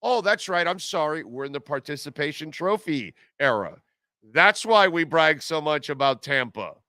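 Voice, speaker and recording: A man's voice: fairly high pitch, expressive, moderate pace, sharp tone, dry recording, studio quality. Sarcastic man ranting on sports radio. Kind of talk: live sports talk show. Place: car dealership live broadcast.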